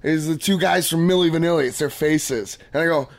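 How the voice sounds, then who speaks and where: A man's voice: a little high, brisk, natural voice. An actor playing a clueless young stand-up comic who rambles eagerly through his act as a radio guest. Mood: eager, rambling. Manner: rambling, eager, laughs at his own jokes. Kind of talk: comedy sketch acting. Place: radio studio.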